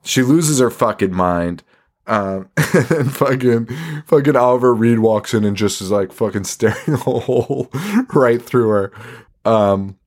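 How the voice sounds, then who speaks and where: A man's voice: mid-range voice, measured pace, a little mellow. A man hosting a podcast, recapping a movie in casual chat, swearing a lot, laughing often and rambling. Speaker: podcast host.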